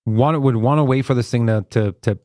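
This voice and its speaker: Relaxed man talking through trading charts. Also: medium pitch, fairly quick, no room sound, clean studio sound. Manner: relaxed, thinks aloud with fillers while reading charts. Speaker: co-host and trader on a live trading show. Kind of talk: casual live chart analysis.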